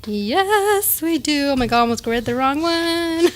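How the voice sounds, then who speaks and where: A woman's voice: sits high, animated, slow pace. A woman co-hosting a podcast, joking and reacting with short remarks. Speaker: podcast co-host reading the sponsor ad. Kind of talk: casual chat and read ad.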